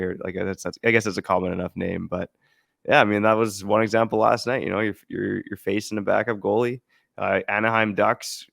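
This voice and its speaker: A man with a low, gravelly voice, co-hosting a podcast in relaxed chat. He explains his points in a measured way, with plenty of fillers. The recording is dry and close. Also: no echo. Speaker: podcast co-host. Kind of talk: casual sports podcast chat.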